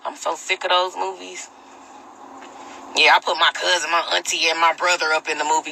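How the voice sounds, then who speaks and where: A woman's voice: on the low side, little pitch movement, brisk, vocal fry, sharp tone, low-quality recording. A woman hosting her own phone livestream, ranting bluntly in slangy casual talk and answering viewer comments. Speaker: livestream host.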